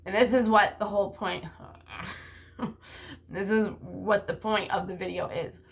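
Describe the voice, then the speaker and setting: A woman's voice: medium pitch, fairly even intonation, unhurried, creaky. A woman talking to her camera in a casual vlog, rambling bluntly with frequent swearing and lots of "like" and "you know.". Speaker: vlogger and mother.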